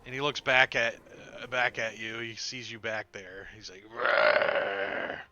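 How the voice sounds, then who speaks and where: A man running a tabletop game as game master, acting out sound effects and shouted lines. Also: medium pitch, steady tone, normal speed, muffled recording.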